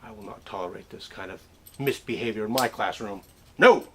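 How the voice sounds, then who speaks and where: A man's voice: fairly low pitch, a little fast, pushed and bright, slight background noise. A man giving a mock-pompous comic lecture in an exaggerated professor voice. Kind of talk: mock classroom lesson.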